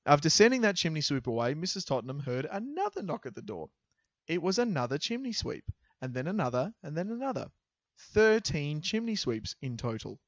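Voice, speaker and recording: A man co-hosting a podcast, telling a story in a casual, animated, jokey way and laughing often. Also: on the high side, brisk, no room sound, highs cut off. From half English. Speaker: podcast co-host.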